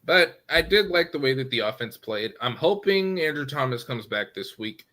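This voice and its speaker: Animated guy on a sports podcast, bright sharp voice, swings up and down a lot. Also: mid-range voice, normal speed. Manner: animated, opinionated. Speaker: podcast guest. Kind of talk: casual sports talk.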